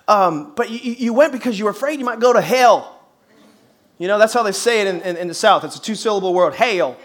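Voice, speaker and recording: A middle-aged male pastor with a strikingly high voice preaches to his congregation. He is lively and emphatic, poses rhetorical questions with folksy humor, and punches key phrases up to a shout. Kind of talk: sermon. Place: church service before a congregation.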